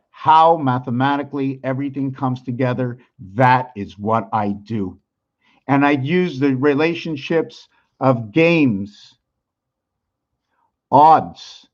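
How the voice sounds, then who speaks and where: A man hosting a rambling vlog monologue, musing aloud with rhetorical questions and slowly counting out numbers, at times loud and worked up. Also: mid-range voice, highs cut off. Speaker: channel host.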